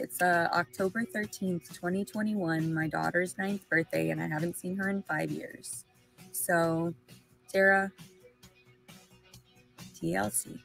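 A woman's voice: lowish voice, creaky, fairly bright tone, rough recording. A woman with a Southern American accent, rambling emotionally and swearing through a livestream monologue. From Arkansas, USA.

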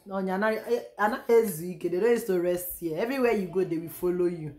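A hoarse Nigerian woman talks to her vlog camera in a low, worn voice. She rambles casually, repeating phrases and sighing between thoughts. Her strained voice sounds close to gone. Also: fairly quick, few pauses, darkish tone. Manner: chatty, repeats herself, sighs and trails off. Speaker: vlogger. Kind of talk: casual home vlog chat. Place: room at home.

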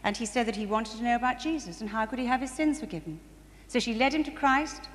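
Speaking at a church conference, this woman shares testimony stories like a sermon in a slightly high voice, lively and quick to laugh, with moments that surge into excitement. Captured from a distance in an echoing hall, the audio carries a faint background hum.

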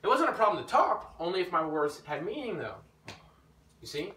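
A man preaching an informal teaching sermon, telling his own story in an animated way that rises when he gets emphatic. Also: sits high, normal speed. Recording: echoey room, mic at a distance, faint background noise.

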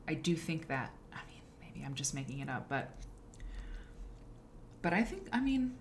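A woman hosts a live stream in a low voice, chatting casually and wandering off into asides. She corrects herself often and keeps the tone loose. A faint background hiss sits under her voice. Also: sing-song, normal speed. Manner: chatty and rambling, with frequent asides and self-corrections. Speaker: livestream show host. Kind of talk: casual live-stream talk about quilt history.

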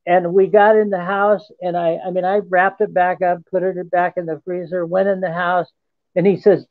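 A man with a high voice recounts a personal story in an earnest, halting way, pausing to restart his sentences. He is heard over a tinny, dry phone line. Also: little pitch movement, dry recording. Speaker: interview guest. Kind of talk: first-person account in a radio interview.

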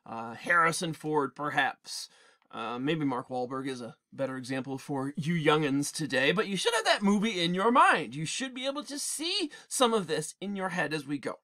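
A male teacher giving an animated, digressive literature lecture in class, with frequent restarts. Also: fairly high pitch, moderate pace. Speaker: English teacher.

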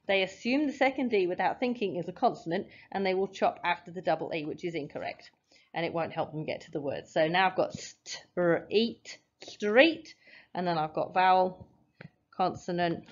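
A woman's voice: lowish voice, normal speed, muffled recording. A woman teaching a phonics lesson, patiently sounding out letters and syllables step by step. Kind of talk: phonics lesson, explaining at a board.

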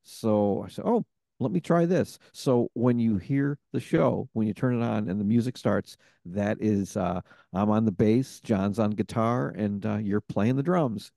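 A podcast host telling stories in a casual chat, rambling with many fillers. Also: male voice, fairly low pitch, a little slow, gravelly, hardly any pauses, mellow, no room sound, studio quality.

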